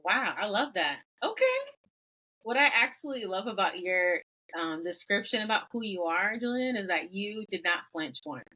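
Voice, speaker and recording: A woman's voice: mid-range voice, lively intonation, moderate pace, pushed and bright, breathy edge, poor audio. A woman hosting a podcast, bubbly and enthusiastic in casual chat. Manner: bubbly, enthusiastic, uses fillers. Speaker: podcast host.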